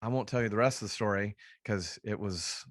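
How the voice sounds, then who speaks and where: A man's voice: lowish voice, fairly quick, no echo, clean studio sound. A man giving a conversational real estate training talk, telling stories and acting out phone calls in quoted voices.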